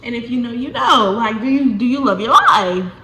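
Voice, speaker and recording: A young woman telling a casual storytime to her viewers, animated and chatty, often calling them y'all. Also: fairly high pitch, normal speed. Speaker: vlogger. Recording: echoey room with faint noise.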